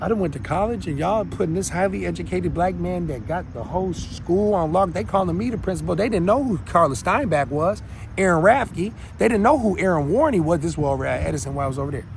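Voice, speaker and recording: A man in his thirties rants as host of his own show, preachy and heated, doubling back on his own words. His voice is gravelly and sits a bit high for a man. Faint street and traffic noise runs under the recording. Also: expressive, fast. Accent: Minnesota. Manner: heated, preachy, rambling with restarts. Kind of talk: impassioned solo monologue.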